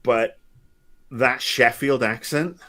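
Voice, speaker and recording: A man's voice: medium pitch, fairly even intonation, takes it slowly, a bit bright. A man in his fifties riffing in a loose podcast conversation. His delivery is playful and sarcastic, with many fillers and restarts along the way. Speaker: podcast co-host. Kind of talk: casual chat.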